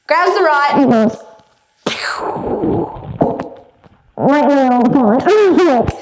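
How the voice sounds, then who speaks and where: A young woman giving a youth sermon, telling a personal story in a casual way and acting out what people said. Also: high voice. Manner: casual storytelling, acts out quotes. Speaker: youth speaker. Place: church youth room. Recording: echoey room.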